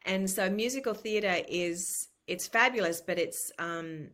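A woman's voice: mid-range voice, a little slow. Candid Australian woman with a faint American lilt. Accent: Australian with a slight American lilt. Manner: candid and animated, with frequent restarts and laughter. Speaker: guest. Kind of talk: casual conversational interview.

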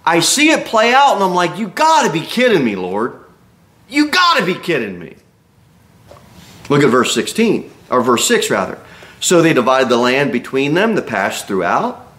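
A man's voice: on the high side, a bit bright. A man preaching an expository sermon as a pastor, reading scripture aloud and acting out the Bible figures' words with emphatic exclamations.

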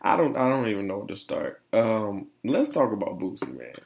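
A man's voice: lowish voice, sing-song, normal speed, creaky. A young man hosting a casual solo podcast, rambling and slangy as he tells stories with plenty of animation. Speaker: podcast host.

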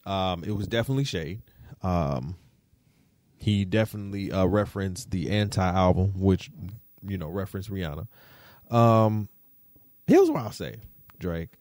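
Animated, teasing male podcast host. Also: no echo. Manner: teasing, profane, riffing directly at a celebrity; animated, swings between low mutters and high exclamations. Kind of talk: casual pop-culture commentary.

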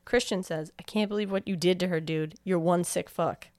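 Young woman, podcast co-host, animated plot recap, swears, dry close sound. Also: fairly low pitch, fairly quick, no room sound. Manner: animated storytelling, acting out quotes, swears freely. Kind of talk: casual chat, retelling a movie plot.

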